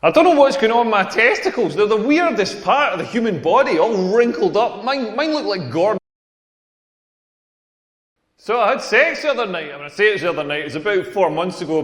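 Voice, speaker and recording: A man's voice: high-pitched, fairly bright tone. An actor in his forties with a Scottish accent, playing a self-mocking stand-up comedian in a game and telling rambling anecdotes. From Scotland. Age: 40s. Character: self-deprecating tall Scottish male comedian, around forty. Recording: echoey hall with long reverb.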